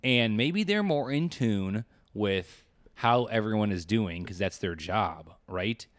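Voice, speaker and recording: A young man with a fairly low voice co-hosts a casual podcast and talks in a playful, animated way. His pitch swings up and down a lot. The recording is dry and close. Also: slow pace, no room sound. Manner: animated, laughs often, playful. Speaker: podcast co-host.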